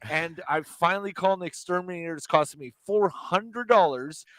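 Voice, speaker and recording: A male co-host chatting loosely on a podcast, joking and chiming in with quick agreement. His voice is fairly high for a man, and the sound is dry and close. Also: a bit bright, no echo. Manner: joking sidekick with short agreeing replies. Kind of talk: casual podcast chat.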